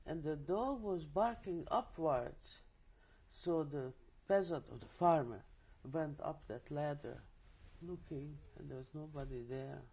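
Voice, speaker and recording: Older woman, interview testimony, lively storytelling, dark mellow timbre. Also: low voice, a little slow, husky. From Czechoslovakia. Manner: vivid storytelling with restarts and asides. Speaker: interviewee, Holocaust survivor. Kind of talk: oral history testimony.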